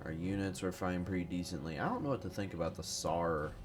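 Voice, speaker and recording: A man's voice: deep voice, quick pace, over music. A man giving casual, rambling, profane commentary while playing a strategy game, a bit tired and fumbling for words. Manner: rambling, profane, self-deprecating. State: tired, no morning caffeine. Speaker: gaming commentator.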